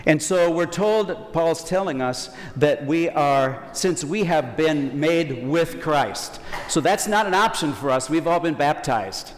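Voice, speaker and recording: A man's voice: on the high side, animated, slow, hardly any pauses, big-room sound. A man preaching a Sunday homily as a priest in a conversational, folksy way, acting out quotes.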